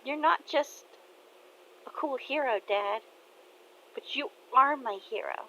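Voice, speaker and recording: An earnest young daughter pleads from the heart, as a woman puts her on in a voice pitched well above the narrator's own. She speaks slowly and gently, and the recording is muffled, with a faint hum behind. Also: exaggerated voice. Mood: heartfelt.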